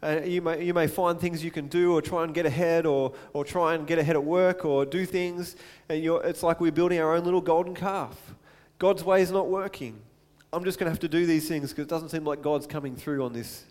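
A man with a fairly high voice preaches a sermon, his words trailing off into the long reverb of a large hall. He talks in a conversational way, pausing for asides and acting out the quoted lines. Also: steady tone, a little mellow.

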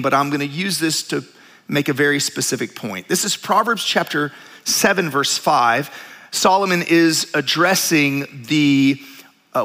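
A middle-aged male pastor, preaching a sermon in an animated, storytelling way with jokes and asides. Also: high voice.

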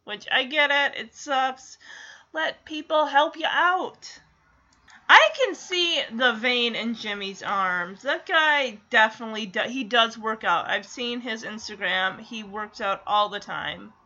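A woman's voice: a little high, takes it slowly, sharp tone, highs cut off. A woman vlogger chatting casually while recapping a sitcom, rambling into asides and giggling. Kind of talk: casual chat.

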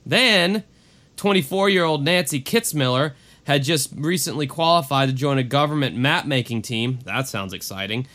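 A man's voice: mid-range voice, lively intonation, moderate pace, pushed and bright. A man co-hosting a casual true-crime podcast, reading case notes and breaking off into profane, offhand asides. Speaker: podcast co-host.

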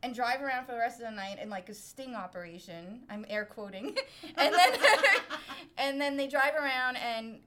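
A woman's voice: on the high side, moderate pace, slight background noise. A middle-aged woman from Brooklyn telling a story in casual chat as a podcast guest, laughing often and poking fun at herself. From Brooklyn, New York. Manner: laughs often, animated and self-mocking.

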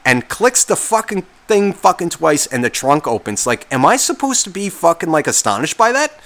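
A man's voice: fairly high pitch, sing-song, moderate pace, few pauses, fairly bright tone. A man hosting a podcast, telling a story as a casual rant, swearing constantly and sounding exasperated and sarcastic. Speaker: podcast host.

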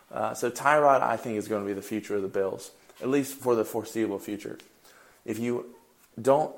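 A young man with a fairly low voice talks through fantasy football picks on his own show. He keeps it casual and conversational, thinking aloud with fillers and quick restarts. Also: darkish tone. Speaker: fantasy football podcast host. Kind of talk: casual solo commentary.

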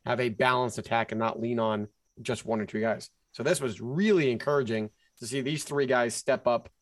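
A man's voice: mid-range voice, fairly even intonation, normal speed, no echo. A man co-hosting a casual sports podcast, animatedly walking through game sequences. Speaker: podcast co-host.

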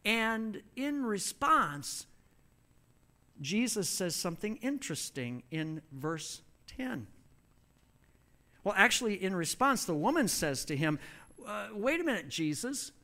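Bright-voiced male preacher, emphatic. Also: high-pitched, sing-song. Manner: storytelling, emphatic, pauses for interpretation. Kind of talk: sermon with a live interpreter.

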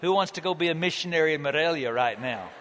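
Male pastor, emphatic sermon, dry humor, high voice, long church reverb. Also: lively intonation, quick pace, a bit bright. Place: church auditorium.

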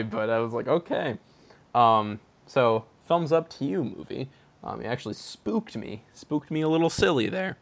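A man chatting casually, animated, laughing often and using lots of fillers. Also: medium pitch, moderate pace, vocal fry. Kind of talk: casual chat.

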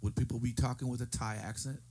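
Fast-talking, opinionated man. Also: mid-range voice, steady tone, mellow, slight background noise. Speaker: musician. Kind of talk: casual chat.

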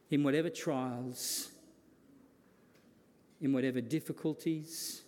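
A pastor preaches a sermon earnestly, building his points through repeated phrases. His voice is on the high side and a little mellow, and the long reverb of a large hall surrounds it.

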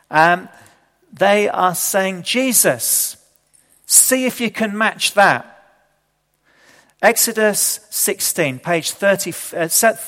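Preaching in a chatty style, a man asks his congregation questions as he goes. His pitch is fairly high with a slightly bright quality, and a long reverb from the hall trails each phrase.

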